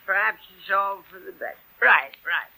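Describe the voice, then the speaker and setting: An actor playing a tipsy, jovial middle-aged uncle who makes grand, slurring speeches in a 1940s radio play. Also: male voice, sits high, moderate pace, vocal fry, bright, forceful tone, full character voice, low-quality recording. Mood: woozy sentimental.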